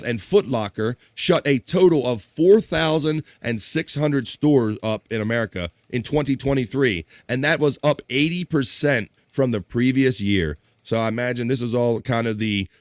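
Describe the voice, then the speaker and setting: A male host keeps a casual livestream talk show rolling and reads viewer comments aloud in a chatty, easygoing way. His voice sits at an average pitch. The sound is dry and close to the mic. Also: dry recording.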